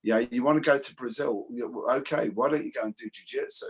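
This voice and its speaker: A man's voice: mid-range voice, fast, husky. A man from England, a martial arts instructor telling stories in casual chat on a video call. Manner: animated storyteller, swears casually.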